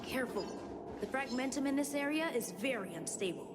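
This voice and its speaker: An actress playing a composed young woman in a game who talks calmly and firmly, with the odd sigh. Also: sits high, brisk. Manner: calm, sighing, firm. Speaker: game character. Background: game music.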